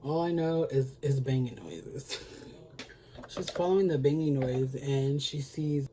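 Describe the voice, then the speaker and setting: A beauty vlogger with a medium-pitched, mellow male voice slowly recaps a TV episode in a chatty, sassy way. He uses lots of filler words and swears freely, with slight background noise present.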